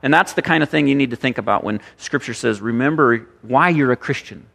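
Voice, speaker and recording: A man pastor preaching a sermon, animated and full of rhetorical questions and repeated phrases. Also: medium pitch, fairly quick, gravelly, big-room sound.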